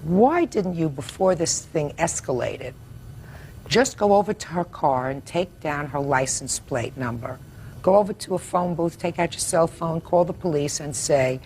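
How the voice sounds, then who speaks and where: A woman's voice: deep voice, lively intonation, moderate pace, darkish tone, a little hiss or hum. An older woman judge in a courtroom, questioning bluntly and sharply.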